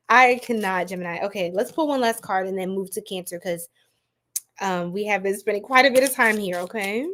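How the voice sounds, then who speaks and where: A woman's voice: medium pitch, fairly quick, fairly bright tone, a little hiss or hum. A woman tarot reader, chatting and joking with viewers on a live stream and laughing often. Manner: laughing a lot, playful, chatty.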